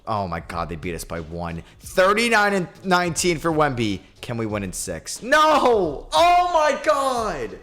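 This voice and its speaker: A young man giving live, excitable commentary while playing a basketball video game, swinging between low mutters and sudden yells. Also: normal speed, few pauses. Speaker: gaming YouTuber.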